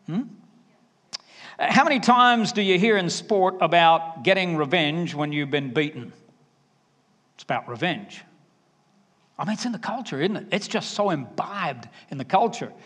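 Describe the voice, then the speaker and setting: Male preacher, Southern accent, fifties, slightly high voice, emphatic sermon, long hall reverb. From Alabama. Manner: emphatic, varies loudness, drops to quiet asides.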